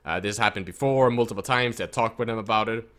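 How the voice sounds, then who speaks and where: A man with a fairly low voice tells a long, frustrated story about the esports team he coached. His delivery is bright and forceful, emphatic and casual. He keeps quoting other people as he goes. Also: fast talker. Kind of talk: casual storytelling rant to camera.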